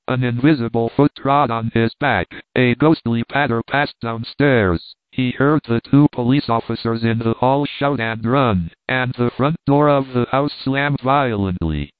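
A man's voice: mid-range voice, unhurried, few pauses, no room sound. Man narrating over thin, phone-like audio. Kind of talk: scripted narration of a classic novel.

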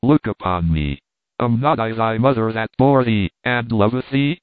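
A man's voice: on the low side, moderate pace, no echo, close to an everyday voice. A man voicing a distraught poor mother who implores and pleads, with a tinny phone-like sound. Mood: pleading.

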